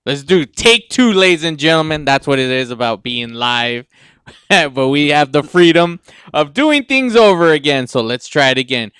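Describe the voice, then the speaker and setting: A man's voice: fairly high pitch, expressive, moderate pace, fairly bright tone, clear, resonant tone, no room sound, studio quality. A man hosting a live podcast in casual chat, joking and rambling, from Southern California. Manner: joking, rambling, laughs often. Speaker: podcast host.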